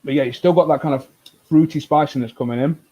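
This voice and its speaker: A man hosting a casual live whisky tasting, talking in a relaxed, rambling way with many fillers and restarts. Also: fairly high pitch, quick pace, highs cut off. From United Kingdom.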